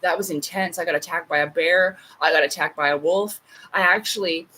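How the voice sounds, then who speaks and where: This livestream host, a woman in her late thirties, chats casually and wanders through stories with many asides. Her voice is fairly low, fairly quick, and sharp in tone, captured in a low-quality recording.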